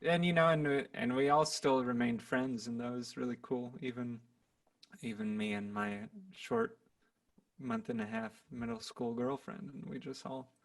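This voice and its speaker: A man in his twenties talks about his music from his home recording room, relaxed and rambling. He speaks slowly, with a gravelly edge to his voice and plenty of pauses and fillers. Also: mid-range voice. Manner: relaxed, rambling, laughs easily. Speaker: podcast guest, musician. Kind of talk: casual podcast chat.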